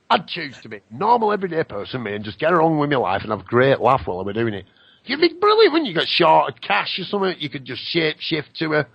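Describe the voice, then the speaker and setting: A man hosting a casual radio talk show, joking and rambling with an animated, mocking manner. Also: on the high side, fast talker, creaky, husky, dry recording, dull audio. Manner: animated, jokey, rambling with laughs.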